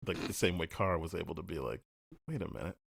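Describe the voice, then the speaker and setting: A man's voice: low voice, expressive, fast talker, creaky, slightly rough, no room sound, studio quality. A man co-hosting a podcast, chatting casually and bluntly, swearing freely and acting out characters' lines. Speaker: podcast co-host. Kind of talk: casual spoiler review chat.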